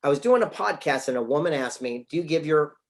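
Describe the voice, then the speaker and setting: A man's voice: on the high side, quick pace. Man in his fifties telling stories. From San Diego, California. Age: 50s. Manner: animated, acts out quoted dialogue. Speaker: podcast guest, author. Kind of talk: casual storytelling interview.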